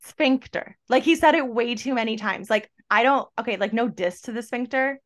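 A woman's voice: on the high side, normal speed. A young woman as a guest on a casual podcast, telling stories playfully with lots of laughs. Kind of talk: casual chat.

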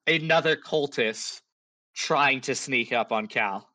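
A man running a tabletop game as game master, narrating the scene haltingly and pausing often to think. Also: mid-range voice, sharp tone. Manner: halting, thinking aloud with frequent pauses.

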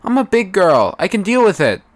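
A man voicing a sulky little girl who insists she is very mature, in a high pouty voice. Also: sing-song, fairly quick, no room sound. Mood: sulky pouting.

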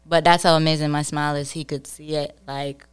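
A woman's voice: low-pitched, little pitch movement, fairly quick, smooth. A young woman co-hosting a casual podcast, telling stories with lots of giggling and animation. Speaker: podcast co-host.

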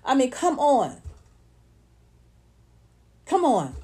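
A woman's voice: sits high, wildly swooping pitch, drawn-out words, dark tone, slightly rough. A woman with ranting bluntly and with a lot of profanity, mocking others in put-on voices as she hosts casual online talk.

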